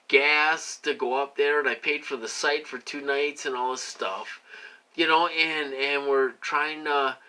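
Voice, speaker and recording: A man's voice: medium pitch, pushed and bright, rough recording. A man talking to his viewers in a rambling casual monologue, full of fillers and "you guys" asides. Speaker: vlogger.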